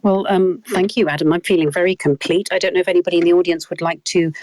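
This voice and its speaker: A woman's voice: on the low side, fairly even intonation, quick pace, darkish tone, no echo. A woman hosting an interview, speaking in a thoughtful, articulate way. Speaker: podcast host. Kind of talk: casual interview chat.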